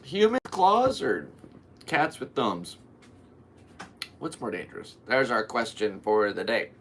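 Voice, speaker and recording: A tired young man chats alone on his podcast, rambling and drifting off topic as he yawns. His voice sits low but leaps around with lively swings. A faint hum of room noise sits behind him. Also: measured pace. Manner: rambling and tired, with goofy voices and playful yelps. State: worn out, yawning. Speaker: podcast host. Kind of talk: solo podcast chat.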